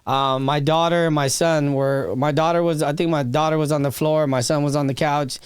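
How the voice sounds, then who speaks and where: A man with a smooth, resonant voice pitched a little above the usual, recorded dry and close. He tells his story candidly and with feeling, swears freely, and often restarts his sentences. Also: steady tone, moderate pace, no echo. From Texas. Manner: raw and emotional, swears freely, frequent restarts. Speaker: podcast guest, comedian.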